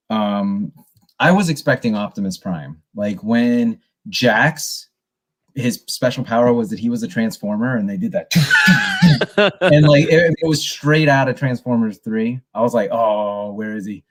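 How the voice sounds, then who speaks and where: A man's voice: mid-range voice, very animated, slow. A man co-hosting a casual podcast, rambling with many restarts and retelling scenes with animation. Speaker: podcast co-host. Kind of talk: casual movie review chat.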